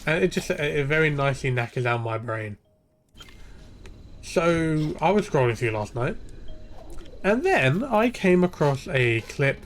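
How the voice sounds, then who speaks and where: A man's voice: fairly high pitch, sing-song, measured pace, pauses often, slight background noise. A young man ranting and swearing freely while streaming a game, rambling from point to point. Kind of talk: ranting live gameplay commentary.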